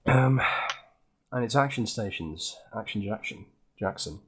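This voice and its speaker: A man's voice: lowish voice, animated, unhurried, slightly rough. A man narrating as game master of a tabletop game over voice chat, hesitant with lots of ums.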